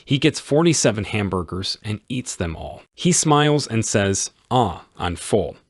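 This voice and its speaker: A man reading a simple story aloud for English learners, with clear, emphatic storytelling. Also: on the low side, lively intonation, moderate pace, no echo, studio quality. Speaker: story reader.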